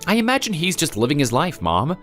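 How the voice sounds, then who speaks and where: A man's voice: fairly high pitch, wildly swooping pitch, fairly quick, fairly bright tone. A man playing a young husband who sounds defensive and whiny. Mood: pleading. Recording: faint background music.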